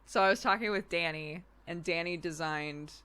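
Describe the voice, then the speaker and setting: A woman's voice: on the low side, moderate pace, bright, forceful tone, smooth. A woman hosting a live stream in casual chat, giggly and chatty, laughing often. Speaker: streamer host.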